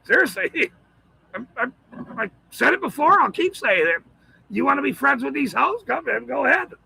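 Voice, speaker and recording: A man in a profane, shouting monologue, ranting as the host of his own channel. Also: very high voice, very animated, normal speed, gravelly, slight background noise, rough recording. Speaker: citizen auditor channel host.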